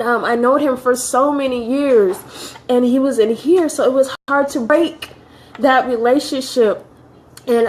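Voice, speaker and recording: A woman with a slightly high voice gives a personal testimony straight to the viewer. She speaks earnestly and stresses her points by repeating them, fighting back tears as she goes. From California. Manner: earnest and emphatic, repeating phrases.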